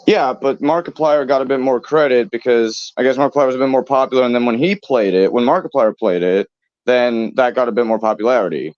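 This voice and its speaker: A man's voice: mid-range voice, a little fast, a little mellow, no room sound. A man streaming and chatting casually with a friend, rambling, laughing often and swearing offhand. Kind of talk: casual chat. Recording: dull lo-fi dry mic.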